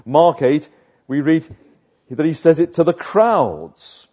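Slow, emphatic male preacher. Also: fairly high pitch, expressive, mellow, lo-fi sound. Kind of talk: sermon.

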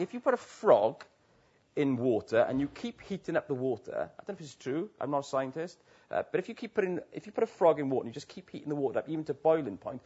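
A man's voice: a little high, a little mellow, husky, highs cut off. A man from Wales with a Welsh accent preaching a sermon to a church, talking conversationally with many tag questions.

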